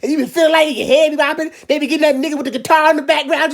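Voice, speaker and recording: A woman rattles through a profane comedic rant at high speed. Her voice is high and gravelly, and she keeps breaking into quick, animated mimicry. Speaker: comedian vlogger.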